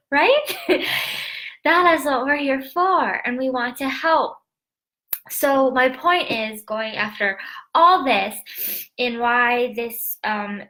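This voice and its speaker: A woman's voice: a little high, sharp tone. A young adult woman dietitian talking casually to a phone camera, emotional and laughing often, with many fillers and asides.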